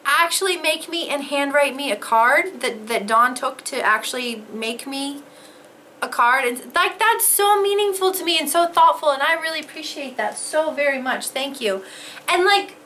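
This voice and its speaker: Excitable high-voiced woman unboxing mail. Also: normal speed, a little hiss or hum. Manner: gasping, excitable, swears freely. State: overwhelmed with emotion. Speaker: vlogger opening fan mail. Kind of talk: casual unboxing chat.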